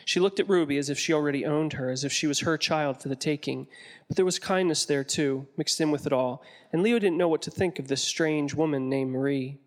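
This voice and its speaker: A man reading a story aloud in a measured, descriptive way, as an audiobook narrator. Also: a little high, long reverb tail.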